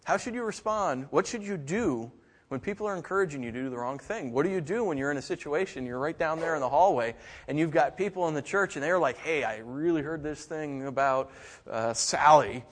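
Animated man preaching a sermon. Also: fast talker. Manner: animated storyteller, mimics kids in a high voice. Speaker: pastor. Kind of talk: sermon with personal stories.

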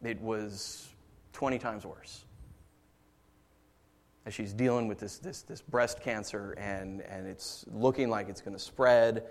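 A man preaching a sermon as pastor, moving between quiet storytelling and raised, impassioned passages. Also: fairly low pitch, expressive, slow, vocal fry.

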